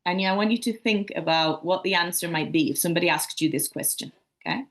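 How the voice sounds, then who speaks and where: A woman's voice: fairly low pitch, fast. A woman from Sunderland, giving an academic presentation at a conference in a friendly manner, often repeating herself and using fillers like "um.". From Sunderland, England.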